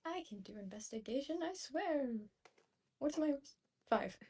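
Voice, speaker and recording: A woman's voice: sits high, expressive, unhurried, dark tone. A woman from the American South playing a tabletop role-playing game in casual chat, giggly and hesitant, often restarting her sentences. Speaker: player.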